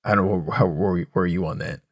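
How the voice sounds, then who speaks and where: An enthusiastic man co-hosting a podcast, his voice low and recorded very dry and close. He rambles through casual chat, swearing and shooting up in pitch whenever something excites him. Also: quick pace, husky, dry recording. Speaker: podcast co-host.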